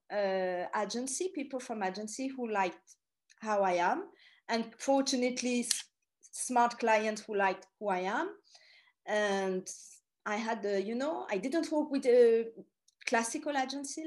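A middle-aged woman with a French accent, giving an anecdotal talk with chatty asides as a speaker and tour guide. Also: fairly high pitch. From France. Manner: chatty, storytelling with asides and fillers.

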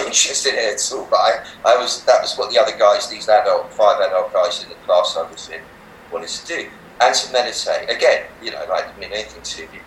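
An older man's lowish voice carries animated stories told during a relaxed interview; he's a healer and meditation teacher who laughs a lot and performs voices for quoted lines. The recording is roomy, with a slightly distant mic and faint background noise.

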